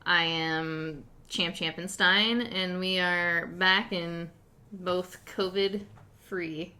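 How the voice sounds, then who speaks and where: A woman with a bright, forceful voice sitting a little low in pitch, chatting loosely as a podcast co-host. She laughs often and keeps things casual. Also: steady tone, very slow.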